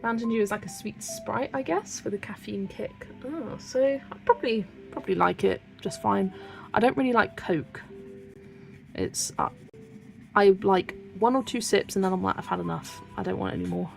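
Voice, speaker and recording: Speaking at normal speed in a creaky, mid-range voice, a young British woman with a British accent colours on a livestream. As host of a colouring channel, she chats casually, giggles and reads out viewer comments over soft background music.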